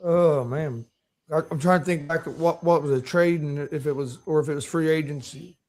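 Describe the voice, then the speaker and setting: A young man co-hosting a casual sports chat, talking in a halting way as he searches for words. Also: on the high side, darkish tone. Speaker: co-host.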